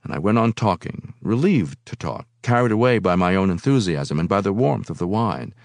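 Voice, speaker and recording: A man reading a novel aloud in a measured, unhurried way. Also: low voice, animated, creaky, no echo. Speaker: reader.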